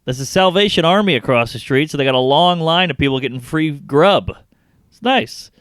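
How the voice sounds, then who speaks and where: A man's voice: a little high, moderate pace, no echo, clean studio sound. A comedian, chatting casually and acting out people from his stories. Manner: animated storyteller acting out people he met. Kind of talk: casual podcast chat.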